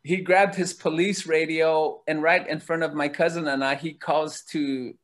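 A man telling a story as an interview guest, lively and laughing as he goes. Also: fairly high pitch, normal speed. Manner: lively, laughs while telling, acts out quoted voices. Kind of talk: animated storytelling.

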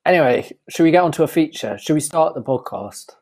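A man's voice: a little high, animated, brisk, gravelly, a little mellow. A man co-hosting a podcast, joking dryly in a casual chat. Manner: dry, joking. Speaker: podcast co-host.

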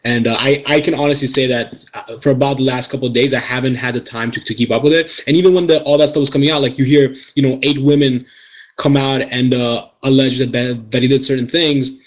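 A man's voice: mid-range voice, steady tone, fast talker, highs cut off. A man co-hosting a podcast, talking at length with lots of filler words. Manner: talkative, full of filler words. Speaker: podcast co-host. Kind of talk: casual chat.

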